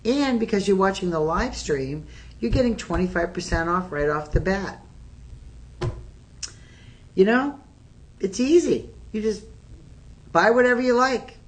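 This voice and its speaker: A woman hosting a live shopping stream, talking straight to viewers in a chatty, excitable sales pitch while filming on her phone. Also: measured pace, pauses often. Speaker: shopping channel host.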